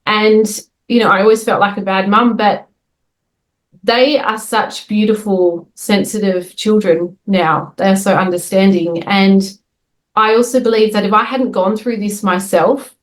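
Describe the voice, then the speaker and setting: Middle-aged woman, healer guest, candid and warm-humoured, video call. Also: mid-range voice, low-quality recording. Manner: candid, open, laughs easily. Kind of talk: casual video-call chat.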